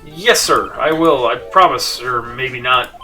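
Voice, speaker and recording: A man's voice: mid-range voice, slow pace, sharp tone, distant mic, faint music behind, voice pushed down. A man voicing a timid, gangly male crybaby thief who stammers and keeps backpedaling. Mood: nervous.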